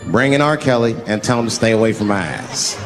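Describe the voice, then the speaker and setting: A man performing stand-up comedy on stage, telling a story in an animated way and shouting out the voices of the people in it. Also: fairly low pitch, a little fast, over music. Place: comedy stage before an audience.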